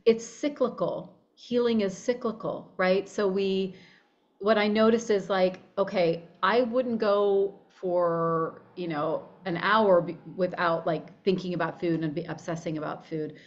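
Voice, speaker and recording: Animated woman coach, lo-fi sound. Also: fairly low pitch, unhurried. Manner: animated, acts out her inner voice, many restarts. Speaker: guest, body-image coach. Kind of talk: conversational interview.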